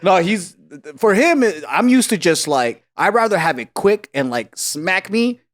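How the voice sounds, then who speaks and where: A man co-hosting a comedy podcast, telling a childhood story in a casual, profane, animated way and laughing as he goes. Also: high voice, a little slow. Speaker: podcast co-host.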